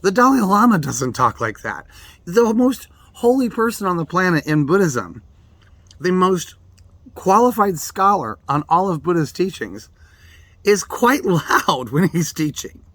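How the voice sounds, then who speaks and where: A man's voice: high voice, very animated, measured pace, a bit bright, no room sound. A middle-aged man giving a blunt, emphatic talk on meditation as a Buddhist teacher. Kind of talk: direct-to-camera daily reflection talk.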